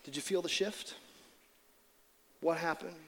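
A man preaching a sermon as pastor, talking to the congregation in a conversational, animated way and slowing down for dramatic readings of scripture. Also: on the high side. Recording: hall reverb.

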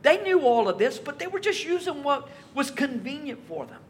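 High-voiced preacher, wry and lively. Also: male voice, normal speed, a little hiss or hum. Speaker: pastor. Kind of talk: expository sermon.

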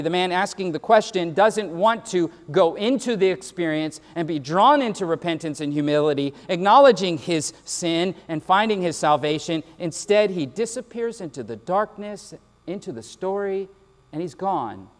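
A male pastor delivers a sermon in a high voice, driving home each point with repetition and voicing imagined replies. The sound carries the long reverb of a big church sanctuary. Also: lively intonation, moderate pace. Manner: emphatic, repetitive preaching with quoted asides.

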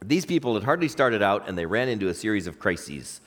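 A man's voice: fairly low pitch, fairly quick, long reverb tail. A man preaching a sermon, reading scripture and asking his listeners questions. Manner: lively, questions the congregation. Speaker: pastor.

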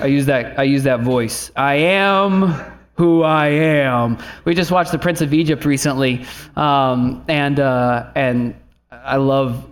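Higher-voiced pastor preaching earnestly. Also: male voice. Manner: earnest, building to emphatic declarations; drifts into chatty asides. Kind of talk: sermon.

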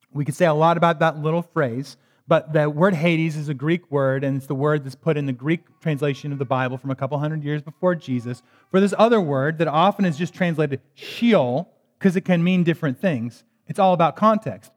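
A man's voice: fairly high pitch, fairly quick. A man preaching a sermon, reading scripture and explaining it in a conversational, emphatic way with joking asides. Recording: reverberant hall.

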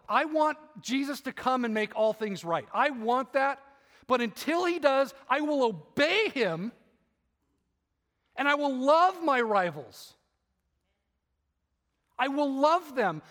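Impassioned high-voiced male pastor. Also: a bit bright, in a large hall. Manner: impassioned, emphatic preaching with repetitions. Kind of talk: sermon.

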